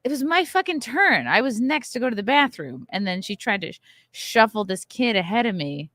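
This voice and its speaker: Bright-voiced, foul-mouthed woman host ranting. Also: on the high side, lively intonation, a little fast, no echo. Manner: profane, ranting storyteller. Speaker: podcast host. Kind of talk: casual chat. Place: hotel bar.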